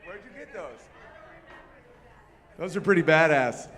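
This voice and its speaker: A man's voice: fairly high pitch, expressive, unhurried. A man doing stand-up comedy on a live stage, talking with the crowd and rambling through loose, profane stories.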